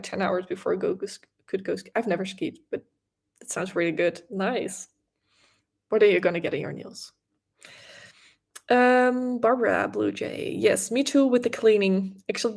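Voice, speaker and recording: A young woman from the Netherlands with a Dutch accent, chatting casually on a knitting livestream and answering viewers' comments with quick restarts and soft laughs. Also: mid-range voice, creaky. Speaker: livestream host, knitting creator.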